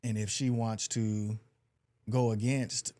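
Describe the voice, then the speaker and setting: A man on a casual podcast, telling animated stories about raising his daughter. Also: fairly low pitch, slow. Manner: animated storyteller, quotes his daughter's talk. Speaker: podcast co-host. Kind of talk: casual chat.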